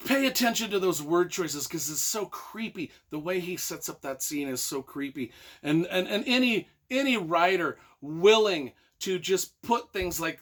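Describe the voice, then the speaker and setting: A man giving an excited, casual book review, rambling and repeating himself, now and then breaking into loud emphatic bursts. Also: high voice.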